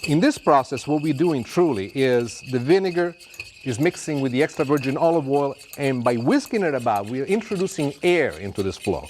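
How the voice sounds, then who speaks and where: A man's voice: medium pitch, animated, fairly quick, a little hiss or hum. Man presenting a cooking show. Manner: warm, theatrical and self-amused, drawing out words. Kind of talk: cooking demonstration to camera.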